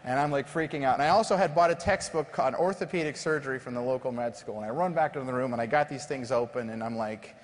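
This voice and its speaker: A man being interviewed on a conference stage as a company founder, telling lively self-deprecating stories. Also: mid-range voice, fast, hardly any pauses. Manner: animated, self-deprecating anecdotes. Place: large conference stage before an audience. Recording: long reverb of a large hall.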